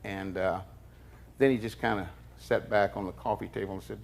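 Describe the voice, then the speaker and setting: Older male interviewee, lowish register, relaxed folksy storyteller acting out quotes. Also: vocal fry, a little hiss or hum. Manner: folksy, unhurried, slips into quoted dialogue. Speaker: interviewee recalling past events.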